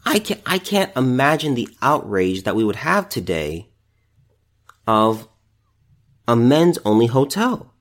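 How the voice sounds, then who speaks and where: Male podcast host, exasperated ranter, voice swings widely up and down, mid-pitched. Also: big pitch swings, a little slow, long pauses. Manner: exasperated ranting with repeated restarts. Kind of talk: solo opinion podcast.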